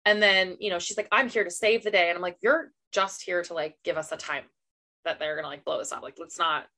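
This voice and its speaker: A woman's voice: fairly low pitch, fairly even intonation, brisk, sharp tone. A woman co-hosting a casual book club podcast, blunt and sarcastic, swearing freely as she gives her opinions. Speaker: podcast co-host.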